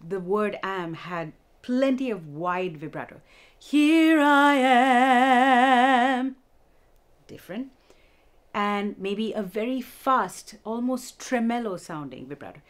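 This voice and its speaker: A woman vocal instructor giving a music lesson, explaining techniques clearly and demonstrating them. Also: lowish voice.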